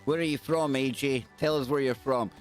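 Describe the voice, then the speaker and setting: A man's voice: medium pitch, moderate pace, faint music behind. A Scottish man hosting a live call-in radio show, chatting loosely and reading news stories aloud with rambling asides. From Scotland.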